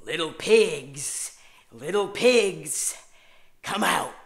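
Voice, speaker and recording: A man voicing a menacing male axe killer, drawing out slow, taunting calls to hidden children. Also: on the high side, lively intonation, fairly bright tone, roomy sound, pitched above the performer's own voice, full character voice.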